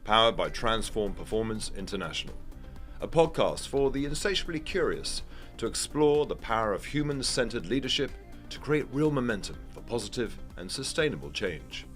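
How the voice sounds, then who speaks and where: A man's voice: medium pitch, very animated, moderate pace, a bit bright. A man reading a polished, scripted podcast intro as the show announcer. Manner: polished, promotional read. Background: music bed.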